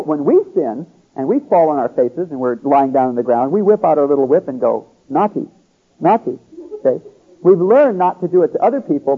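A man's voice: on the high side, breathy edge. A man giving a conversational sermon, often checking in with his listeners by asking "See?" and "Okay?". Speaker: pastor. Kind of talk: sermon teaching. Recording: tinny phone-like radio broadcast.

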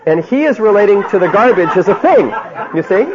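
A man's voice: high voice, expressive, fairly quick, a crowd in the background. A man giving a seminar talk to a live audience, telling folksy stories with little chuckles and often asking "you see?". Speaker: seminar speaker on marriage. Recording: dull lo-fi tape of a talk.

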